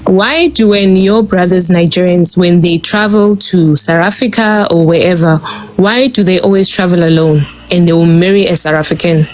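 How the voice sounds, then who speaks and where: A woman's voice: lowish voice, moderate pace, darkish tone. A woman in an online audio discussion who insistently presses the same pointed question and then gives her own answer. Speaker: audio room participant.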